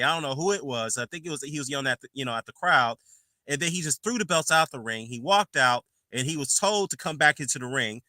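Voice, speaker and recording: A man's voice: mid-range voice, no echo. A man casually reviewing a boxing fight, rambling and incredulous, with lots of fillers and self-corrections. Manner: animated, incredulous, quotes fighters in raised voice. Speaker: boxing commentator, channel host.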